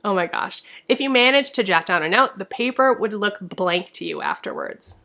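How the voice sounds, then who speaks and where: A woman's voice: medium pitch, lively intonation, moderate pace, vocal fry, bright, forceful tone. Chatty woman reading book blurbs dramatically. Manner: reads blurbs dramatically and breaks in with chatty asides. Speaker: book reviewer. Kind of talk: casual book talk reading blurbs aloud.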